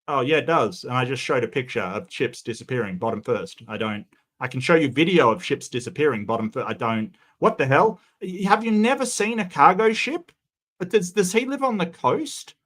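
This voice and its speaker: Male commentary host, lively up-and-down delivery, incredulous reactions. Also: moderate pace. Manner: incredulous, rising in pitch when objecting. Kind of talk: casual live commentary.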